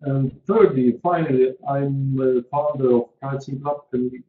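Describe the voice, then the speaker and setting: A man's voice: medium pitch, steady tone, measured pace. A man, presenting a pricing webinar in an earnest, emphatic way and repeating his key points. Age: 40s. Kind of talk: online presentation to an audience. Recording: roomy, dull lo-fi call audio.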